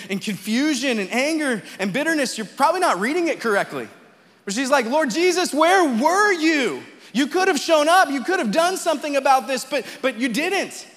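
A man's voice: sits high, a bit bright. A man preaching a conversational sermon as a pastor, often tagging "right?" and climbing into fervent pleas. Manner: conversational preaching, tag questions, rising to fervent quoted pleas. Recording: long hall reverb.

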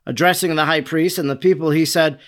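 A man's voice: on the high side, fairly even intonation, fairly quick, fairly bright tone. Man reading aloud in a solemn voice. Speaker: narrator. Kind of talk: reading a devotional book aloud.

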